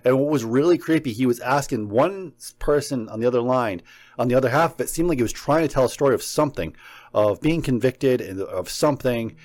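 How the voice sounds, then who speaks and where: A man co-hosting a casual chat, telling a story in an animated, excitable way and swearing now and then. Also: medium pitch, brisk. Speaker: podcast co-host. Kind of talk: casual chat about paranormal recordings.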